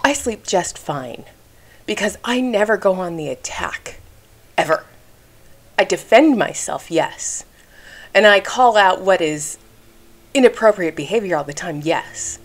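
A woman's voice: medium pitch, animated, takes it slowly, long pauses. A woman talking straight to the camera in a vlog rant. She sounds indignant and emphatic and keeps stopping to ask "okay?". At times she gets emotional while she talks. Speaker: YouTube commentary creator.

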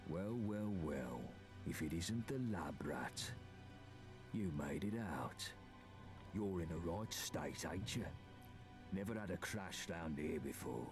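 Gaunt, a gruff gang boss. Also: male voice, deep voice, animated, slow, full character voice. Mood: sardonic. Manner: sardonic, commanding. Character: wry, gruff male London gang boss. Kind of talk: video game voice acting. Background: game music.

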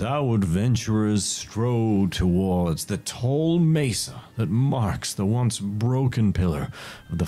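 Deep husky-voiced Australian game master. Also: male voice. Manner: relaxed, chatty, slows for dramatic narration. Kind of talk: narrating a tabletop game.

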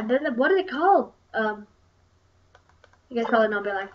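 Chatty high-voiced young woman gamer. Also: lively intonation, fairly quick, pauses often. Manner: chatty, wandering, many ums. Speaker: gaming channel host. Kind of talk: casual gameplay commentary. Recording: distant, dull lo-fi mic with faint music. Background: faint game music.

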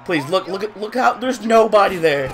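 Animated, bright-voiced gaming streamer man. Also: high-pitched, normal speed. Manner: swings between mutters and loud shouting. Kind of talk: excited live gameplay commentary.

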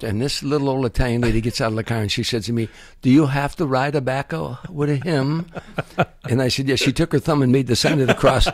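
An older man, a comedian guest, telling animated anecdotes and acting out other people's voices and sound effects. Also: mid-range voice, no echo.

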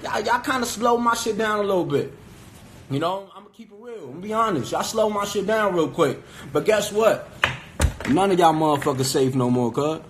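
Man, high voice, taunting profane street talk, phone livestream, faint background noise. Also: lively intonation, moderate pace. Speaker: livestreamer calling out rivals. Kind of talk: angry livestream rant.

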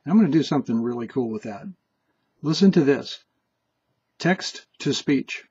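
A man talks through a tablet app in a relaxed, conversational tutorial voice. His tone is a little husky, and the recording sounds dry and muffled, like a basic home voice-over. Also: medium pitch, normal speed, no room sound. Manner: casual, chatty explaining with restarts. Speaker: tutorial host.

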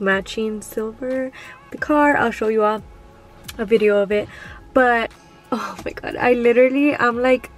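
A woman in her twenties talking in a casual vlog, gushing and excited, full of "like" and "oh my god". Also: on the high side. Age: 20s. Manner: sleepy early-morning whisper. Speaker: vlogger.

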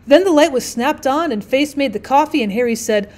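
Expressive woman reading a classic story. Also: high-pitched. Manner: measured and expressive. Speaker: teacher reading an audiobook. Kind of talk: literary audiobook narration.

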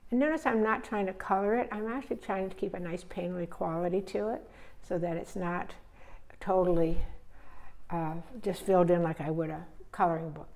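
A woman teaching painting, relaxed and thinking aloud step by step as she paints. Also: on the low side, fairly quick, gravelly. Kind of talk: narrating a live painting demonstration.

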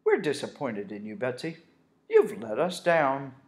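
An older woman reading a storybook aloud, voicing a stern, gruff male farmer who scolds and booms. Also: wildly swooping pitch, a little slow, darkish tone, exaggerated voice. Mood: disappointed. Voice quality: scolding, booming delivery.

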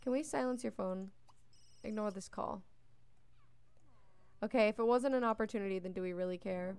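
A woman's voice: medium pitch, moderate pace, pauses often, darkish tone, clear, resonant tone. A young woman giving casual, chatty gameplay commentary as a let's play host, talking to the characters on screen and yawning often. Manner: chatty, talks to the game characters. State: yawning a lot.

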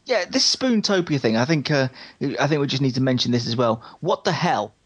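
A man hosting a casual podcast interview, hesitant with many filler pauses. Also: medium pitch, animated, husky.

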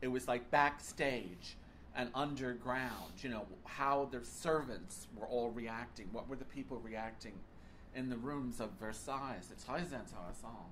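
Enthusiastic male interviewer, medium pitch, gushing talk sprinkled with French, faint hiss. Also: unhurried, fairly bright tone. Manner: enthusiastic, tries out bits of French. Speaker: interview host. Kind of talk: casual interview.

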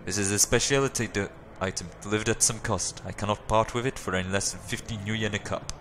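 A man's voice: on the low side, steady tone, fast talker, a bit bright, a little hiss or hum. A man voicing a sly, fawning Turkish cafe owner in a video game, with an exaggerated Turkish accent and salesman's patter. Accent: exaggerated put-on Turkish. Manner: oily salesman patter, drops to conspiratorial murmurs. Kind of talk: reading a video game's dialogue aloud.

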